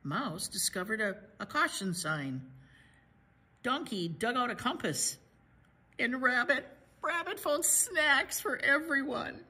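A woman librarian reading a picture book aloud to children, pausing to chat about the pictures. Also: fairly high pitch, lively intonation, pushed and bright, breathy edge. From United States. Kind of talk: children's story read-aloud.

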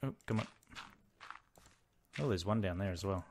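Excitable young man narrating his gameplay. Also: low-pitched, normal speed. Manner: excitable, exclaims and mutters to himself while playing. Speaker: Let's Play host. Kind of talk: casual gameplay commentary.

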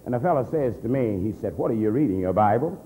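A man, an assistant pastor, telling his conversion story as a convention sermon, swinging from a low murmur to heated near-shouts. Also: lively intonation, fast. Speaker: minister giving testimony. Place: large convention hall. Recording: reverberant hall with faint hum.

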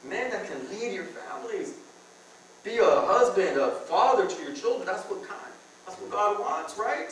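A man preaching to a room of men in an earnest, conversational tone, hammering home phrases by repeating them. His voice sits a little high for a man. It was recorded from a distance in a very echoey church hall. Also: animated, moderate pace, fairly bright tone, a little hiss or hum. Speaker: preacher at a men's conference. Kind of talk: sermon. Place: church hall with a live audience.

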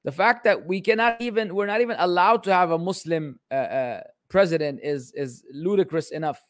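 Male Islamic teacher, bantering Q&A, high-pitched, dry close sound. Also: brisk, no room sound. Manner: joking, exasperated, teasing. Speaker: Islamic teacher answering questions. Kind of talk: casual livestream Q&A lesson.

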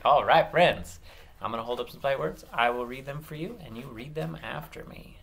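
A man teaching an online phonics lesson to young children, upbeat and encouraging, stretching words out slowly. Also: medium pitch, lively intonation, vocal fry, fairly bright tone. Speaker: early elementary teacher.

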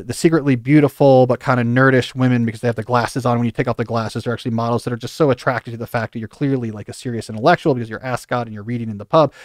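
A man hosting a podcast, giving animated advice with playful joking asides. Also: mid-range voice, dry recording, clean studio sound. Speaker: podcast host.

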